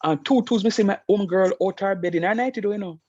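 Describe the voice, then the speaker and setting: A man teaches math online, shifting from emphatic stories into steady explanation. His voice sits a bit high. The call audio is dry and dull, with a lo-fi edge. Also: fairly quick, no room sound. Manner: animated storytelling, emphatic.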